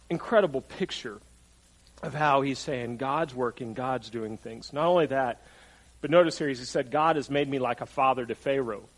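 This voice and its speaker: A man's voice: medium pitch, rough recording. A man preaching a sermon in a conversational way, repeating his phrases for emphasis. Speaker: pastor.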